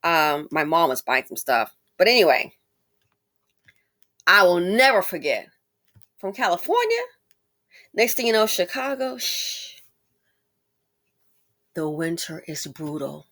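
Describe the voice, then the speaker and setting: A woman's voice: lowish voice, slow, long pauses. A woman hosting a casual commentary monologue, speaking straight to her viewers with exclamations and rambling asides. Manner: animated, talks straight to viewers. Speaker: commentary channel host.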